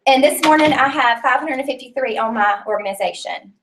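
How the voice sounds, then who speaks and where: A business trainer teaches a small class in a casual live session, chatting earnestly with plenty of fillers and sometimes coming close to tears. Her high voice runs a little fast and is picked up from across the room, with background noise.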